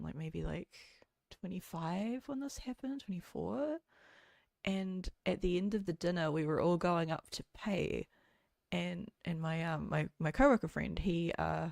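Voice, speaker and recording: A woman rambles through a casual stream chat, leaning on "like" at every turn. Her voice has a gravelly, fry-laced edge, and the sound is close and dry. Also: mid-range voice, dark tone, dry recording. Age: late 20s. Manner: rambling and chatty, full of "like" fillers. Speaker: VTuber streamer.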